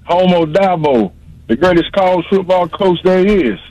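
A caller to a radio show teases and rambles in slang, his high voice mellow and at normal speed. The phone-line sound is dull and dry, with no room sound.

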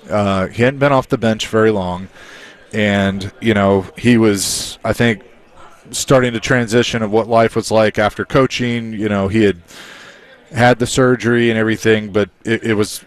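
A man with a low voice hosts a sports talk radio show from a studio. He talks in a halting, casual way and fills his pauses with many ums and uhs.

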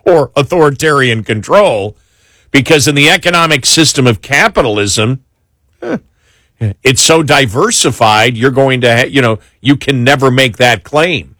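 Animated man hosting a talk show. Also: mid-range voice, normal speed, no echo, studio quality. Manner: animated, exasperated, many restarts. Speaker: talk radio host. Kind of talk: political talk show chat.

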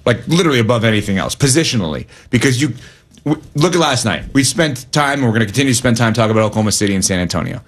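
A man's voice: mid-range voice, lively intonation, very fast. A man hosting a sports radio talk show, reading ad copy and trading takes on football with his co-hosts.

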